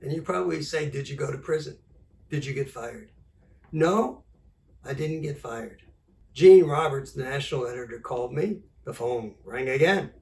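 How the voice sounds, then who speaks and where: An older man, a journalist, telling an animated anecdote and acting out the dialogue. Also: medium pitch, moderate pace, gravelly, distant mic. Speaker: journalist and author. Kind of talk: storytelling talk.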